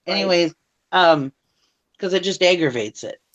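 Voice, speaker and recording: A woman's voice: lowish voice, expressive, moderate pace, muffled recording. Laughing, rambling woman telling stories. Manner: rambling anecdotes, laughs often, mild swearing. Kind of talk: casual chat.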